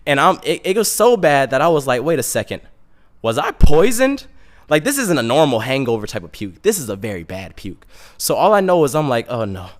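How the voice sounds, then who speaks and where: A young man telling a comic story in a casual, animated, self-mocking way. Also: medium pitch, fast talker.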